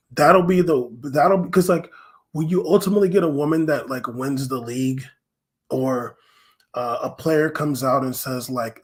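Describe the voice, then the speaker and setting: A man hosting a podcast, talking casually and rambling with slang, frequent fillers and laughter. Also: medium pitch. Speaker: podcast host. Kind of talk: casual solo commentary.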